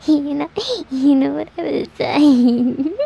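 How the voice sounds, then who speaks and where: A woman with her morning voice, talking in a halting, breathy way with soft sighs and laughs in an intimate solo audio recording. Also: high voice, steady tone.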